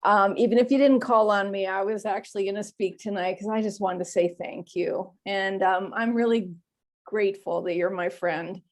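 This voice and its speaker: A woman on an online call, sharing at a recovery meeting. Her voice sits in an ordinary middle register and she sounds close to tears. She stops and restarts often and fills the gaps with soft fillers. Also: mid-range voice, fairly even intonation. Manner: halting, emotional, many pauses and fillers. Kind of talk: personal share at a recovery meeting.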